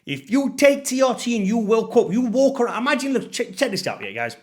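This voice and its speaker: This fitness coach, a man in his thirties, speaks straight to his viewers with a very high-pitched voice that swings widely in pitch and moves fairly quickly. It's direct-to-camera motivational talk, delivered emphatically and pushily, with his points repeated.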